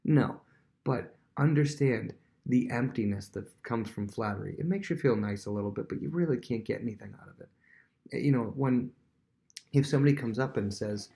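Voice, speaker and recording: A man's voice: medium pitch, moderate pace, vocal fry, mellow. A man who is a worship leader, teaching a casual Bible lesson with everyday examples and frequent restarts.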